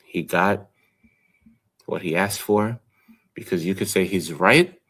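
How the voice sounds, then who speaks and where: A man co-hosting a wrestling podcast, measured and analytical in casual chat. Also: on the low side. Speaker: podcast co-host.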